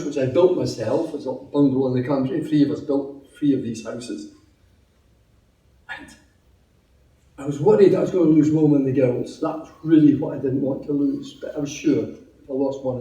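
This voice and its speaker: A man's voice: medium pitch, moderate pace, warm tone, distant mic. Scottish man telling his story in an echoey room. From Scotland. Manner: chatty, humorous storytelling. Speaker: testimony speaker. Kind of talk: personal testimony at a meeting.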